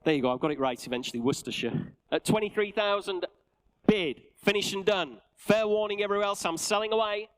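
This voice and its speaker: A man with a Northern English accent calling bids at a live car auction, with rapid patter and jokey asides. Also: high-pitched, clear, resonant tone, rough recording. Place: auction sale room.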